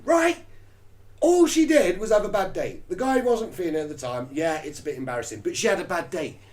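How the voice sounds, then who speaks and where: A man co-hosting a crude comedy chat, animated and mocking, swearing a lot. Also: fairly high pitch, fast. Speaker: co-host.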